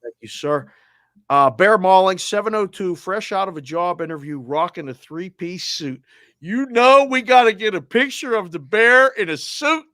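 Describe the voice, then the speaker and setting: A man with a Boston accent hosting a sports talk show, running through listener names and places with energetic, casual shout-outs. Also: sits high, moderate pace, no echo, clean studio sound. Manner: energetic, shout-outs with area codes and towns. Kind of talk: roll call of listeners, casual.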